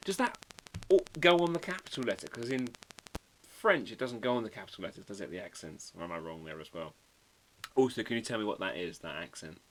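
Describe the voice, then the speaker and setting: Chatty stream host, lowish and lively voice, muttered asides, faint tape-like hiss behind. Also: male voice, a little fast. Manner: chatty, reads out viewer comments while drawing, quietly muttering asides. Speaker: livestream host drawing a card. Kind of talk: casual live-stream chat.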